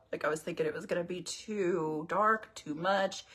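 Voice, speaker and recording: A woman's voice: fairly low pitch, moderate pace, hardly any pauses, fairly bright tone, breathy edge. A woman hosting a casual makeup tutorial livestream, chatting and rambling to her viewers as she works. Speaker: beauty livestream host.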